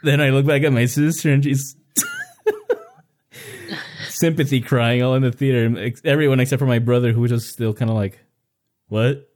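A man co-hosting a podcast, telling a family story in a casual, animated way and acting out the voices of his relatives. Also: mid-range voice, normal speed, long pauses. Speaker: podcast co-host.

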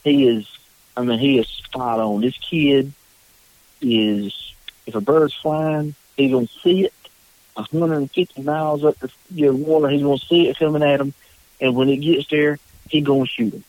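Brief: man, podcast guest, lively storyteller, dry close sound. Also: mid-range voice, moderate pace, no echo, narrow, tinny audio. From North Carolina. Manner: animated, acts out quotes in a raised voice. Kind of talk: casual storytelling.

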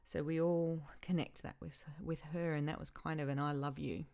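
Grieving woman with a low voice. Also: flat delivery, darkish tone, clear, resonant tone. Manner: halting, emotional, repeats herself. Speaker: podcast host. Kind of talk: personal podcast monologue.

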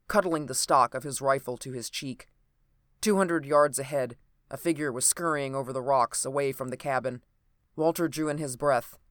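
A narrator reading an old adventure novel aloud in a steady, even storytelling manner. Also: mid-range voice, smooth, dry recording, studio quality.

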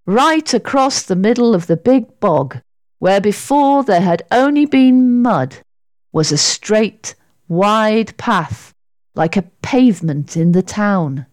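Slow, expressive woman reading a storybook. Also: mid-range voice, no echo. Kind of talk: storybook narration.

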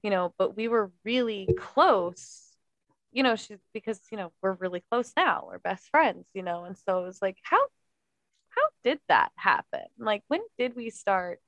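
A woman's voice: mid-range voice, animated, normal speed, fairly bright tone. A woman with a mid-range voice, speaking in a loose, chatty way and laughing often. She tends to be self-deprecating. The sound is dry, with no room echo. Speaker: podcast co-host, younger sister. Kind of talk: casual conversation.

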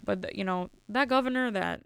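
A woman's voice: medium pitch, a little fast, vocal fry, fairly bright tone, clean tone, no room sound. A woman in her thirties talking casually and indignantly, rambling with lots of filler words. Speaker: commentator. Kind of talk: casual opinion talk.

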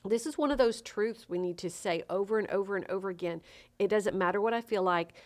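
A woman's voice: medium pitch, fairly quick. An earnest woman co-hosts a faith podcast in a mid-range voice. She reads scripture with rising emphasis and talks it over in casual chat. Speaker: podcast co-host and coach.

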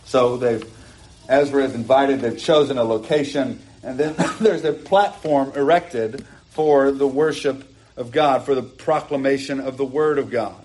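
A man, a pastor, preaching an earnest sermon from a pulpit in his church, with emphatic rising bursts and quick asides. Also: mid-range voice, a little mellow, slight background noise.

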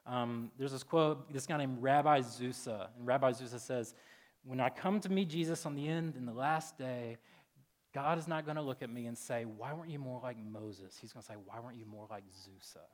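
A man in his thirties, a pastor giving a casual, chatty sermon full of "like" and "um", breaking into loud, lively retellings. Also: normal speed. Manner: chatty, filler-heavy, jumps loud and high in animated retellings.

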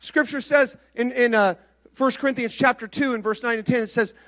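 A male pastor preaching a sermon, moving between soft, low passages and loud, rising exhortation. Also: fairly even intonation, brisk.

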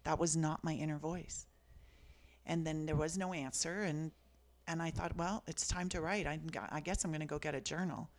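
A woman's voice: sits low, fairly even intonation, normal speed. A woman in her fifties from Canada, an author and guest who shares personal stories in an earnest, reflective way. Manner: earnest, reflective, soft-spoken. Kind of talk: personal storytelling in conversation.

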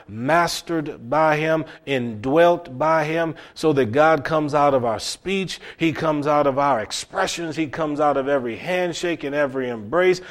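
Preaching man with drawl. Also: fairly high pitch. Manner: preaching with emphatic repetition. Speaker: pastor. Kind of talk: sermon.

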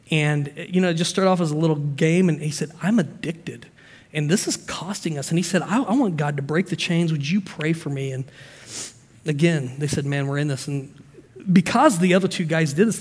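Male pastor, high voice, sermon in a long-reverb hall; storytelling turns to emphatic exhortation. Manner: preaching with stories, swings from soft storytelling to emphatic.

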